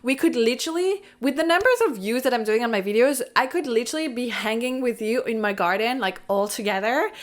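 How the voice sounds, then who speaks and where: A woman's voice: a little high, lively intonation, brisk, hardly any pauses. A woman vlogger whose first language is not English, talking to camera in a candid, rambling, casual way and swearing now and then. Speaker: lifestyle and spirituality vlogger.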